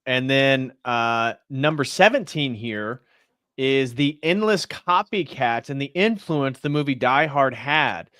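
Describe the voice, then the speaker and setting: A man's voice: mid-range voice, takes it slowly, bright, forceful tone, clear, resonant tone, no echo, clean studio sound. A man hosting a video stream, reading out facts from notes and chatting casually. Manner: reads facts from notes, then chats. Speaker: host.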